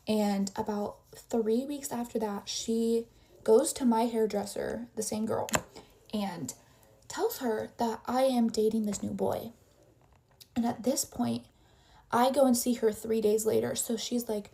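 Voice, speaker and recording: A woman's voice: a little high, fairly even intonation, measured pace, vocal fry, dark tone, slight background noise. A young adult woman casually telling a story while getting ready, rambling and packing her talk with "like" fillers.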